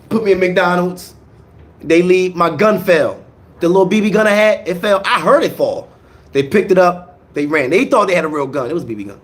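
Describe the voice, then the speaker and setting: Animated, profane man telling stories. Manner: animated, jumps from low mutters to loud outbursts; profane, slangy, repeats words. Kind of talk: casual street storytelling.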